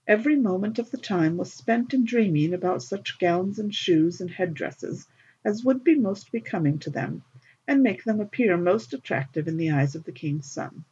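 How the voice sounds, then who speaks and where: Breathy woman reading a fairy tale. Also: mid-range voice, normal speed. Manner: expressive, lilting. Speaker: narrator. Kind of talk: storybook reading. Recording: dull lo-fi recording.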